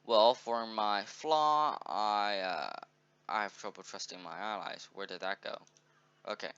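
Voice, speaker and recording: Guy going over a game sheet out loud, lowish voice, kinda rambly and upbeat, dull lo-fi sound. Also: a little slow, clean tone, no echo. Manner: meandering, self-correcting, upbeat. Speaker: game tutorial presenter. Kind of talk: casual walkthrough, thinking aloud. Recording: dull lo-fi recording.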